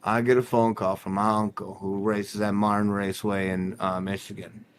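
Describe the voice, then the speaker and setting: A man's voice: fairly low pitch, flat delivery, normal speed. A young adult man hosting a livestream, rambling through a story in casual chat and swearing freely. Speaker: stream host.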